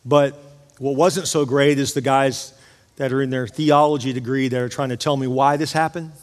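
A man's voice: medium pitch, fairly even intonation, normal speed. A man who is a pastor, preaching a sermon and telling a personal story with rising emotional intensity. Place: church auditorium. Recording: long hall reverb of a church.

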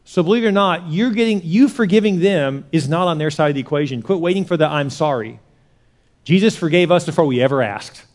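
A man preaching a sermon as pastor, talking conversationally and repeating words as he goes from quiet asides to animated retellings. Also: fairly high pitch, fast talker, few pauses.

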